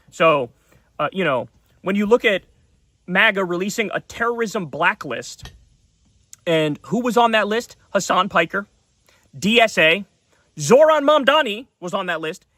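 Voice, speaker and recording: A man in his thirties delivers heated political commentary, swearing freely and hammering points through repetition. His voice sits high for a man with a bright, forceful edge. The sound is dry and close, with no room around it. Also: no echo. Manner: heated, profane, repetitive emphasis. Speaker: political commentary show host.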